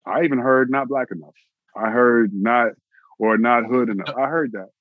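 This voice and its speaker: A man from Austin, Texas, an actor telling his own story in an interview, animated and repeating phrases for emphasis. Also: medium pitch, moderate pace, phone-quality sound. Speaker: actor, guest.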